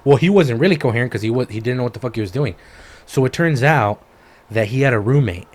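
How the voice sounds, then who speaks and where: A man co-hosting a podcast, retelling a story in casual chat, animated and swearing freely. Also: mid-range voice, quick pace. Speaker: podcast co-host.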